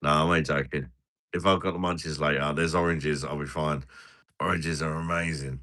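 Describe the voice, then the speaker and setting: Deep British guy rambling over drinks. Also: steady tone, brisk, bright, forceful tone. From Britain. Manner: rambling, jokey banter with frequent laughs. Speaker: live-stream host. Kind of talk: casual live-stream chat while drinking.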